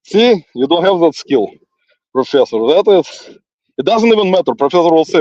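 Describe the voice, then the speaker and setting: A male livestream host with a non-native English accent walks through a forest, delivering a rambling, teasing monologue aimed at an absent critic and chuckling often. His voice is fairly high, animated, and darkish, at normal speed with no room sound, and the phone recording is dull and lo-fi.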